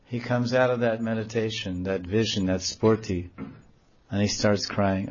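A man with a low voice tells a devotional story as a sermon. He talks in an animated way and acts out the quotes in the story. The recording sounds dull and lo-fi. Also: unhurried. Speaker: religious storyteller.

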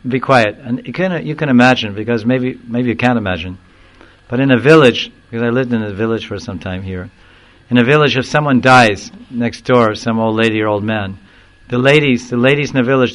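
Over a rough recording, a man speaking at mid pitch teaches from scripture, then animates his talk with stories, voicing the quoted characters and chuckling now and then. He slowly recites Sanskrit verses before unpacking their meaning in this devotional discourse.

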